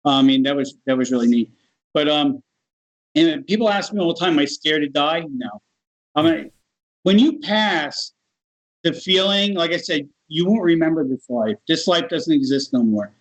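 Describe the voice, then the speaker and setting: A man's voice: fairly high pitch, normal speed, poor audio. A middle-aged man telling a personal story in casual conversation, acting out the voices of the people in it. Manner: animated, acts out other people's voices in his stories. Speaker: guest.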